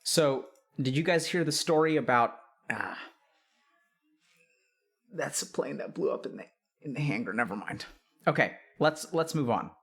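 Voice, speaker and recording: A man hosts a livestream in a casual, playful way, talking straight to his viewers. His voice sits at an ordinary middle pitch for a man, and his delivery is upbeat and easygoing. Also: animated, measured pace, creaky, long pauses, a bit bright, slightly rough. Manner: playful, upbeat, talks directly to chat. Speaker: streamer and psychiatrist host.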